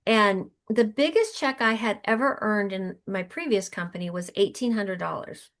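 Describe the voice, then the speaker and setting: A woman's voice: medium pitch, moderate pace, a bit bright. A middle-aged woman, a podcast guest, telling her story in an earnest, emotional way with frequent restarts. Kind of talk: conversational storytelling.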